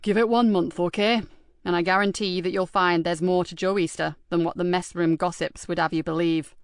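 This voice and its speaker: A woman reading an audiobook, voicing a gruff, loyal male police superintendent in a blunt, dry, fatherly manner. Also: fairly low pitch, fairly even intonation, brisk, dry recording, close to an everyday voice. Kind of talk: audiobook character voice.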